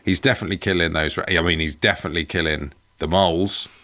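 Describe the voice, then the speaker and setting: A man's voice: low-pitched, fairly even intonation, fast, bright, forceful tone, no room sound. A man co-hosting a podcast, joining in comedic banter with dry, whimsical wordplay. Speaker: podcast co-host.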